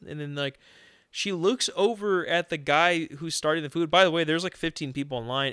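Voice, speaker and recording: Smooth-voiced young man telling stories. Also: fairly high pitch, fast talker, no echo, clean studio sound. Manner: profane, animated storytelling with laughs. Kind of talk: casual chat.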